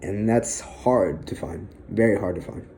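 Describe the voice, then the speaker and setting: A young man speaks in a low, dark voice, halting and emotional, close to tears. He trails off in pauses, sighs and fillers. A faint hiss of noise sits under the recording. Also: poor audio. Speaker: vlogger. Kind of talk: emotional personal monologue.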